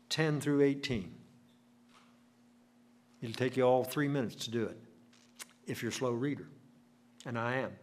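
An older man preaching a sermon, telling homely stories and slowing to stress key words. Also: a little high. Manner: folksy storytelling with slow emphatic phrasing.

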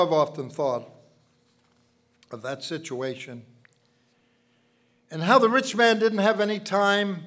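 An older man preaching a sermon, telling folksy personal stories and swinging from loud emphasis to hushed asides. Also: fairly high pitch.

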